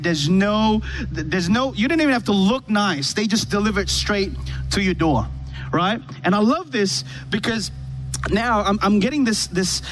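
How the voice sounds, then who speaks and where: A man with a notably high voice preaches a sermon into a stage microphone. He tells his story in an animated way and keeps stumbling back over his own words. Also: a little hiss or hum. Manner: animated storytelling with repeated restarts.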